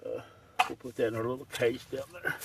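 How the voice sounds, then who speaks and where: Excited man digging in a riverbed. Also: mid-range voice, fairly quick. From Tennessee. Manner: excited, chatty, keeps addressing viewers as y'all. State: breathing hard from digging. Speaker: rockhounding vlogger. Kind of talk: casual first-person narration while digging. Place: muddy riverbed outdoors. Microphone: phone camera, point-of-view. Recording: distant phone mic with clear outdoor noise.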